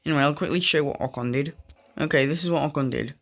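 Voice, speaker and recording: A man's voice: on the high side, fast talker, a bit bright. A young man giving casual, rambling commentary over racing game footage, often drifting off on tangents. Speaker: gaming video creator.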